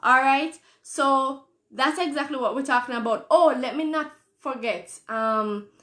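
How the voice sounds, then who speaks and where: A Jamaican woman hosts a live-stream show, reading viewer comments and answering them in an earnest, conversational tone. Her voice sits fairly high, and she repeats phrases for emphasis. The room around her adds a noticeable echo. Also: measured pace, fairly bright tone. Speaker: host. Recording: roomy echo.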